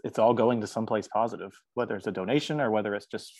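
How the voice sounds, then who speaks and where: A man with a lowish voice chats as a musician guest on a podcast. He talks earnestly and easily, breaking into laughter now and then. The recording is dry and close, with no room sound. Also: fast, darkish tone, no room sound. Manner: earnest, chatty, laughs often. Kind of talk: casual interview chat.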